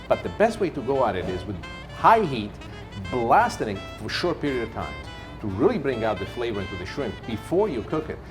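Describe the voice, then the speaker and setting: Man presenting a cooking show. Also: mid-range voice. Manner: warm, theatrical and self-amused, drawing out words. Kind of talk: cooking demonstration to camera.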